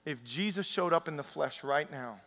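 A man preaching a sermon to a church congregation, swinging from loud emphatic peaks to soft, intimate passages. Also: a little high, expressive, normal speed, big-room sound. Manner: passionate, rising to loud peaks then dropping soft and intimate. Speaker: pastor. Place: church sanctuary.

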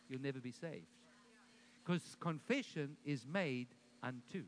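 A pastor preaches a sermon at a church service in a mid-range, expressive, unhurried voice, telling a story before leading the congregation in loud, rising declarations. He often repeats his first words when starting sentences.

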